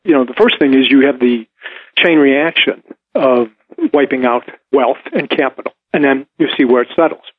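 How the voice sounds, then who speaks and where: A man's voice: mid-range voice, moderate pace, no echo. A man giving opinionated commentary on the economy, emphatic and scornful of his opponents, heard over a phone line. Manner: emphatic, mocking voices of opponents. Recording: tinny phone-line sound.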